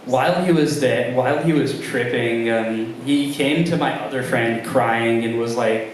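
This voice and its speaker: Young man, stand-up comedian, halting delivery, very roomy live sound, faint ambience. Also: mid-range voice, fairly even intonation, recorded from a distance, a little hiss or hum. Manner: halting delivery with many ums and restarts. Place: comedy club room with a live audience.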